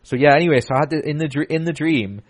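A man's voice: a little high, quick pace. A man hosting a casual podcast, telling a rambling story full of fillers and restarts. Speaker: podcast host.

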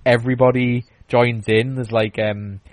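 A man's voice: medium pitch, level tone, moderate pace, no echo, poor audio. Rambling man in casual chat. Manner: rambling, many restarts and fillers. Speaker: podcast host.

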